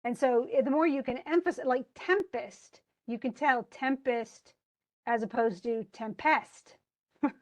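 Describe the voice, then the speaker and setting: Woman teacher, fairly high voice, chatty one-on-one tutoring, explains by example. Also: a little fast. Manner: chatty, explains with spoken examples, laughs easily. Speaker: English instructor.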